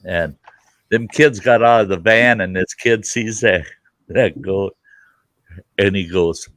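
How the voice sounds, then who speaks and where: Low-voiced man spinning salty yarns. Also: measured pace, a bit bright, no room sound. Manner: folksy, salty yarn-spinning with crude asides. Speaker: host. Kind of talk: casual storytelling chat.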